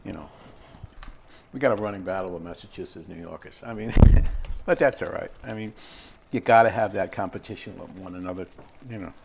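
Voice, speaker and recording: A man's voice: deep voice, a little fast, gravelly, background noise. An older man demonstrating a recipe in his home kitchen, rambling and chatty with many fillers and asides. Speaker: home cooking host. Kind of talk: casual cooking demonstration.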